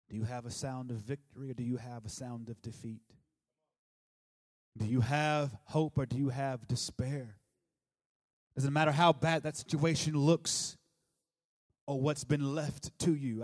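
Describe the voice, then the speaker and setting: A man preaching a sermon with emphasis, swinging from loud declarations to soft, low asides and calling on the congregation to answer aloud. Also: fairly even intonation, a little slow, long pauses. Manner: urges the congregation to respond aloud.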